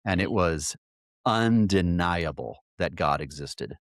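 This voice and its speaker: Deep-voiced man telling a halting story. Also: animated, no room sound, clean studio sound. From California. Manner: halting, repeats words as he tells a story. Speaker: podcast host. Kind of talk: emotional personal storytelling.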